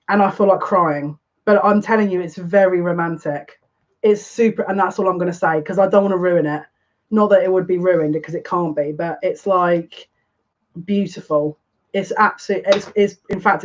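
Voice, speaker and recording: A psychic with a medium-pitched voice reads tarot live for an audience, breathless and excitable, stopping mid-sentence and restarting constantly. The stream's sound is dull and lo-fi.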